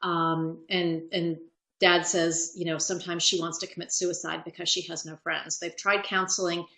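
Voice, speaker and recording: A woman's voice: on the low side, little pitch movement, normal speed, fairly bright tone. A woman moderating a webinar, reading audience questions carefully with frequent hesitations. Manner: hesitant, careful, many fillers. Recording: echoey room audio.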